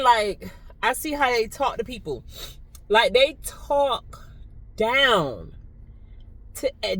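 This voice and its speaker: A middle-aged woman tells a story in an easy, nonchalant vlog voice. She rambles, sometimes dropping into a hushed aside and then raising her voice again. It is recorded on a phone while she rides a bus. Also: fairly high pitch, no room sound, rough recording. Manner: nonchalant, chatty, drifts between hushed asides and louder telling. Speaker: vlogger. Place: riding a bus.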